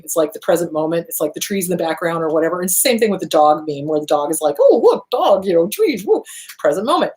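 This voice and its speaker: A woman therapist hosting a podcast, giving casual advice, swearing freely and acting out quoted voices. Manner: swears freely, acts out quotes with big pitch jumps.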